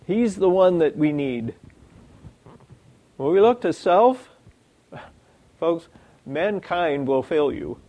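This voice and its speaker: A male preacher delivers a sermon with animated energy, reading scripture and acting out its characters. His voice is slightly high and carries a gravelly edge. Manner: animated, acts out quoted lines, reads scripture.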